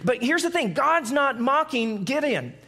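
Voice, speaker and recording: Man, pastor, high voice, casual sermon, acts out quotes, goes low and quiet to make a point. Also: sing-song, unhurried. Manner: conversational preaching with acted-out quotes; drops low and quiet for emphasis.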